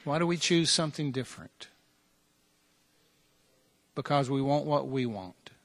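Earnest preacher in a reverberant hall. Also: male voice, mid-range voice, animated, a little slow. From United States. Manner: earnest, direct preaching full of repeated challenges and rhetorical questions. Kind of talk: sermon.

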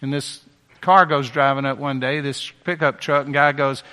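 A man's voice: medium pitch, fairly even intonation, normal speed, pushed and bright, clear, resonant tone. A man preaching a sermon with impassioned, emphatic repetition, heard in a large hall.

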